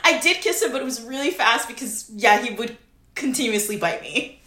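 A woman guest on a podcast, telling stories in a casual, animated way with laughter. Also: a little high, a little fast. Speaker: guest author. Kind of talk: casual chat. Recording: roomy echo, faint music.

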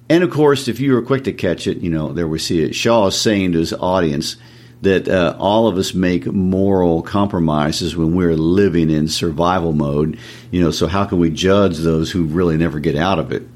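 A man with a fairly low voice talks through a stage play's characters. He co-hosts a relaxed literary discussion. He explains thoughtfully and pauses on fillers. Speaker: podcast co-host discussing a play.

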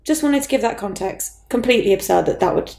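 A woman co-hosting a casual chat, eager and quick to jump in with encouragement. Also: on the high side, expressive, gravelly, darkish tone, echoey room. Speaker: podcast co-host.

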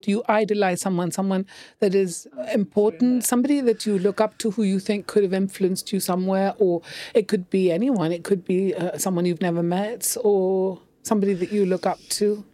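A woman's voice: medium pitch, fairly even intonation, brisk, dark tone. A woman hosting a casual interview, encouraging her guest with supportive comments and questions. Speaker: interview host.

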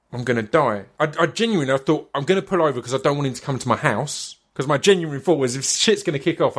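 A man, hosting a podcast and telling a story in casual, sweary chat with stammered restarts. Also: medium pitch. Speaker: podcast host.

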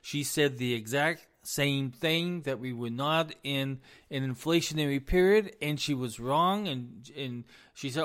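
A man hosting a solo commentary, folksy and relaxed at first, then insistent and heated about the economy. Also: fairly high pitch, unhurried. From US East Coast. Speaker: business administrator, commentary host. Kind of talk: opinionated commentary.

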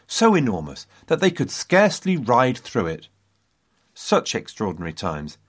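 A man's voice: medium pitch, a bit bright. A man hosting a history podcast, telling the story dramatically with wry asides to his listeners.

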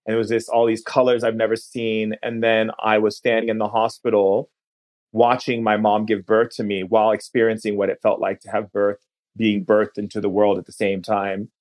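A man, a podcast guest, telling a long personal story in an earnest way, slowing down at key moments and restarting phrases. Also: fairly low pitch, level tone, darkish tone.

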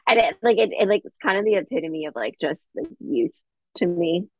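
A woman's voice: mid-range voice, expressive, fairly quick, vocal fry, breathy edge, no echo. A young woman with a Southern California accent, co-hosting a podcast in a chatty, casual way full of fillers and restarts. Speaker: podcast co-host. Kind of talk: casual chat. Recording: dry, slightly dull lo-fi audio.

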